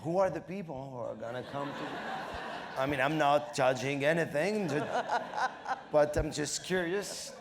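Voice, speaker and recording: Comedian guest, French-accented man, middle-aged, laughing, halting, slips into comic voices, faint background hiss. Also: fairly high pitch. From Morocco. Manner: laughing often, acting out quoted voices, halting with fillers. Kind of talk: live on-stage interview.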